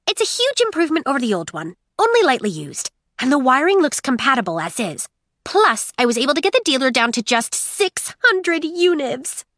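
A woman voicing a chirpy, excitable female servant android in an audiobook, high and eager. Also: brisk, no room sound. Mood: excited. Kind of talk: audiobook character voice.

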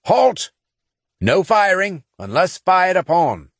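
A man doing a gruff commanding marine sergeant. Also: on the low side, animated, measured pace, dry recording, clean studio sound, pitched above the performer's own voice. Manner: commanding, terse. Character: gruff male gunnery sergeant leader.

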